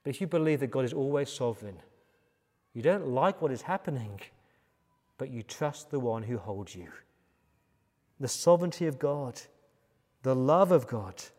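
An English man preaching a sermon and pressing his points through rhythmic repetition. His mid-pitched voice carries a long reverb that lingers in the church around him. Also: expressive, moderate pace, long pauses, darkish tone. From England. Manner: emphatic, building repetitions. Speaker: pastor.

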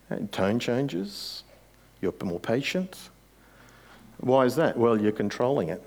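A man's voice: mid-range voice, sing-song, a little slow, gravelly, a little mellow. A man preaching a sermon as pastor, conversational, with rhetorical questions and rising emphasis.

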